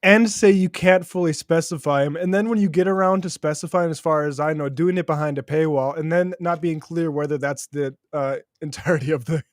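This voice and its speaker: Blunt, higher-voiced man co-hosting. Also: steady tone, a little fast, few pauses, dry recording, studio quality. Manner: blunt and emphatic, swears, laughs mid-sentence. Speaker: podcast co-host. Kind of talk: casual political chat.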